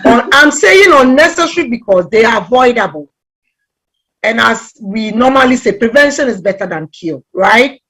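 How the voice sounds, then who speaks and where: A middle-aged woman from Ghana giving a conversational talk on relationships, telling stories with lively acted-out quotes. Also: on the high side, normal speed, husky. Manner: animated storytelling, acts out quoted voices. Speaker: relationship talk guest speaker.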